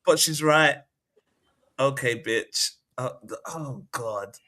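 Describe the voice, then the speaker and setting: Bright-voiced woman reading comments. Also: very deep voice, slow pace. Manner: reads out viewer comments with blunt, laughing asides. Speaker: host. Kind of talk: casual chat.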